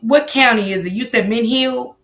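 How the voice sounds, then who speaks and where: A woman hosting a livestream interview, casually reading out viewer comments and giving shout-outs. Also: fairly high pitch, normal speed. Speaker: livestream host.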